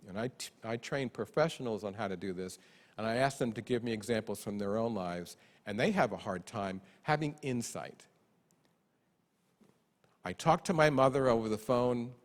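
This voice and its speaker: Man speaking in an echoing hall. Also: mid-range voice. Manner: lively, self-deprecating humor, acts out parents' voices. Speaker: conference speaker. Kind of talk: conference keynote talk. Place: large conference hall. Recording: long hall reverb.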